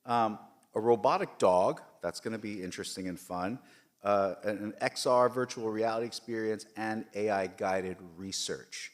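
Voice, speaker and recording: A man's voice: lowish voice, moderate pace. A man giving a formal speech at a board meeting, emphatic and repetitive, with frequent fillers. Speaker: system leader giving a report. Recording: long reverb of a large hall.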